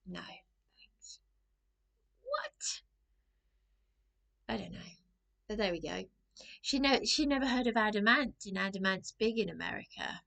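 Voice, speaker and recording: A middle-aged woman chats to camera in a loose, rambling way. Her voice has a gravelly fry, and she keeps breaking off and restarting in an anxious manner. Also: medium pitch, brisk, a bit bright. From England. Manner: anxious, rambling, self-interrupting. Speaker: vlogger. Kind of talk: casual storytelling to camera.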